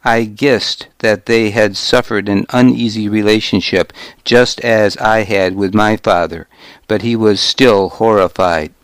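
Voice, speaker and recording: Male audiobook narrator: low, very slow, grave, first-person telling in a dry studio. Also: fairly even intonation, clear, resonant tone, dry recording.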